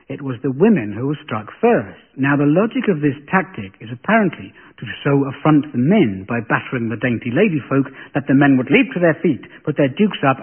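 English guy doing a dry sarcastic comedy monologue, lively up-and-down voice, a bit husky, phone-line sound. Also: on the high side. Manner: dry, sardonic delivery. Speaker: comedy panel show host. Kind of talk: satirical stand-up monologue. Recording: lo-fi phone-like radio broadcast.

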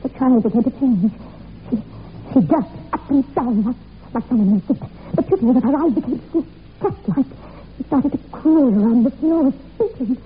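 A young woman acting in a 1940s radio drama, telling a dark family legend in an intense, breathless way. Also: high voice. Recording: tinny old radio recording with faint hiss.

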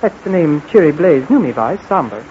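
A jaunty pilot with a put-on British air. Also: male voice, on the high side, sing-song, normal speed, a little mellow. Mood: breezy. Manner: jaunty, uses British slang like jolly and old chap. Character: young male pilot hero faking a clipped upper-class British manner. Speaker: radio drama lead. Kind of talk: 1940s radio acting. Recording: muffled old radio recording with faint hiss.

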